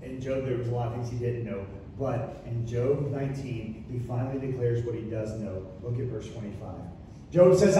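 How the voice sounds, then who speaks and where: A man's voice: mid-range voice, expressive, moderate pace, noisy background. A man preaching a sermon as pastor, with impassioned, repetitive delivery. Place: church sanctuary. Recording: echoey room from far off.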